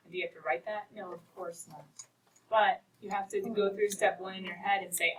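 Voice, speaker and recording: A woman's voice: medium pitch, fairly quick, bright, forceful tone. A woman teaching a precalculus class, encouraging and playful, talking about equations as if they were people. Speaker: math teacher. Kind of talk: classroom lecture. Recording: distant mic with faint noise.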